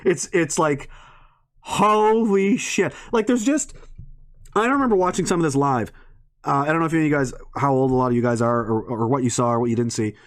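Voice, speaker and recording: A man's voice: medium pitch, fast talker. A man in a ranting monologue to an audience, swearing often, rambling and breaking into laughs mid-sentence.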